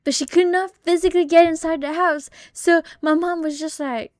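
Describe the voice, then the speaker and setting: A young woman streamer telling family stories in casual, swear-heavy chat, animated and laughing often. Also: extremely high pitch, normal speed, no echo, studio quality. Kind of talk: casual storytelling on a live stream.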